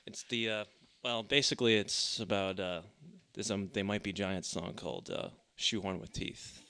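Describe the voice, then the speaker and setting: A man's voice: lowish voice, steady tone, normal speed, vocal fry, sharp tone. A man who is a guest musician in a casual interview, answering with dry, sarcastic wisecracks.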